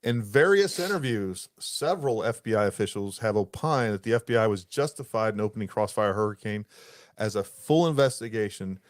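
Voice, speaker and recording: A man's voice: fairly low pitch, animated, brisk, no echo, studio quality. A man hosting a podcast, reading passages from a report aloud and stopping to explain them in plain words. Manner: reads in long stretches, breaks off to explain in plain words. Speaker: podcast host.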